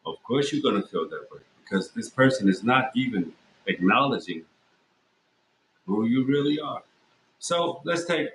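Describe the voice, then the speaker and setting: A man's voice: sits low, fairly bright tone, a little hiss or hum. A man hosting a podcast, talking in a blunt, profane, rambling monologue full of fillers and restarts. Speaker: podcast host. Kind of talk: casual monologue. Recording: echoey room.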